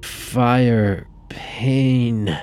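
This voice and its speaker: A man's voice: mid-range voice, fairly even intonation, very slow, pitched above the performer's own voice. A man voicing a distressed woman who mumbles fearful fragments, with faint music behind. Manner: rambling, frightened, breaking into shouts.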